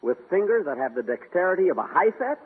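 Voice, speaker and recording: Indignant comic host, wildly varied pitch. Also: male voice, sing-song, fast, noisy background. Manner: exasperated, indignant comic timing. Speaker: comedy show host. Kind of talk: 1940s radio comedy. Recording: tinny old radio broadcast.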